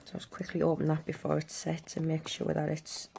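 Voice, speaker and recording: A woman's voice: deep voice, level tone, fairly quick, gravelly, dark tone, a little hiss or hum. A woman hosting a casual crafting tutorial, chatting step by step while she works with her hands.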